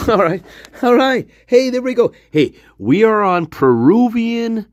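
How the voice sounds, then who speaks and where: A male streamer rambles through an offhand rant, cursing freely and laughing between thoughts. His delivery is unhurried, his voice is slightly high and very animated, and the sound is close and dry. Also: dry recording. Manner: rambling, profane, laughing often. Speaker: livestream host. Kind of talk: casual livestream rant.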